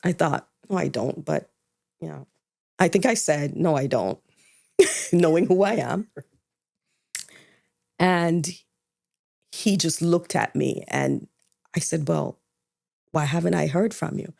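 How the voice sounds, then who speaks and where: A woman's voice: low voice, takes it slowly, creaky, long pauses, a little mellow. A woman co-hosting a podcast, candidly retelling a personal story and acting out the dialogue. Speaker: podcast co-host.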